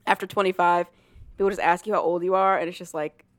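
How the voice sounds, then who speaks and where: A woman's voice: fairly low pitch, steady tone, fast talker, no room sound. A woman in her late twenties co-hosting a podcast, chatting casually and laughing often. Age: late 20s. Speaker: podcast co-host. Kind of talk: casual chat.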